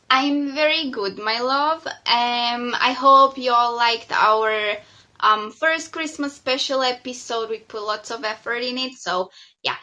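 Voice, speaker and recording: A woman co-hosting a podcast with her partner in relaxed casual chat, often pausing on "um". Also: fairly high pitch, poor audio. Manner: relaxed, with frequent "um" fillers. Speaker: podcast co-host.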